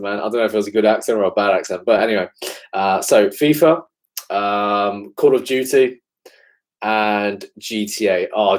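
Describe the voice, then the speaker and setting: Laid-back young English guy, lowish voice. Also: low-quality recording. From England. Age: 20s. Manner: laid-back, fills with "man" and "obviously". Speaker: fitness coach. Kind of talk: live-stream Q&A chat.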